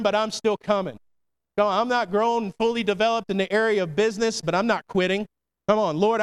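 His voice sits high and smooth as he preaches a sermon as pastor. The style is chatty and slangy, with call-and-response lines punctuated by "come on" and "amen."

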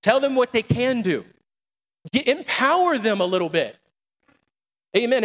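A middle-aged man preaches from a church sanctuary in a high voice. He keeps throwing asides back to the congregation, and his words ring out with a long hall reverb. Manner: preaching with call-and-response asides. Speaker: pastor. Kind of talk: sermon.

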